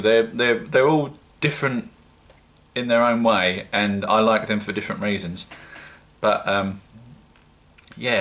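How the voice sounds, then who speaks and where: A man's voice: on the low side, a bit bright. A man with a British accent, chatting casually and rambling a little in a self-mocking home-brewing vlog. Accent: British English.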